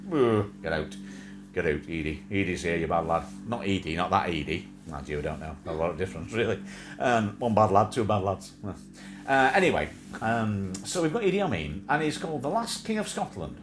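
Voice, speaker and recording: Here a man hosts a livestream in a mid-range, slightly bright voice. He chats casually and aimlessly, cracking jokes, going off on tangents, and now and then adopting goofy fake voices.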